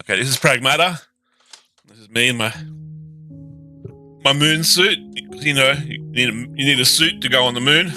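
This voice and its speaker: A man's voice: mid-range voice, normal speed, pauses often, sharp tone. A man chatting casually and goofily while streaming a video game. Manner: goofy, silly and chatty. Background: game music.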